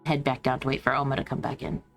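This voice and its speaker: Low-voiced woman playing a tabletop game. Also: level tone, fast, gravelly, over music. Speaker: player. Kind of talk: casual tabletop role-play.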